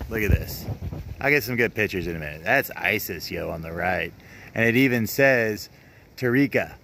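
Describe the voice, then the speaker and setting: Sex: male. Role: vlogger. Style: casual walking commentary. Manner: rambling, filler-heavy. Pitch: low. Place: outdoor park, phone mic. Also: fairly bright tone, slight background noise.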